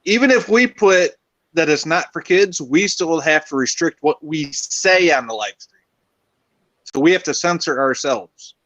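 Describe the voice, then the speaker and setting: A man's voice: a little high, expressive, unhurried, fairly bright tone, dry recording. A man in his forties talking in a casual, joking, blunt way as a stream co-host. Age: 40s. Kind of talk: casual chat. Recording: dull lo-fi sound.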